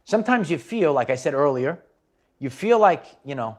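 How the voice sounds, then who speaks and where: An emphatic man delivers a spiritual pep talk to his viewers. His voice sits a little higher than most men's. He repeats phrases and restarts his sentences often. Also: big pitch swings, normal speed, a little mellow. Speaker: spiritual channel host.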